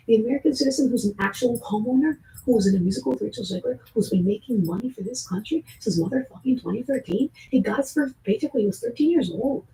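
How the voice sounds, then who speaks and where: A woman livestreamer delivering a rambling, profane monologue, lurching between hushed whispers and sudden shouts. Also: on the high side, expressive, fast, few pauses, poor audio. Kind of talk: rambling live-stream monologue.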